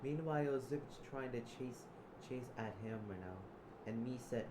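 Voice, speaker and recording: A man narrates his moves in an improvised role-play, stalling and repeating words before he finds the next one. His voice sits mid-range. The room rings, and steady noise runs behind him. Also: mid-range voice, measured pace. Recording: roomy, noisy background.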